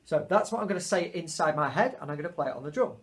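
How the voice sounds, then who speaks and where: Male music teacher, slightly high voice, patient and encouraging with young pupils. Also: lively intonation, rapid-fire, very noisy. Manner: patient, encouraging, spells out rhythms. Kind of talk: remote music lesson for children.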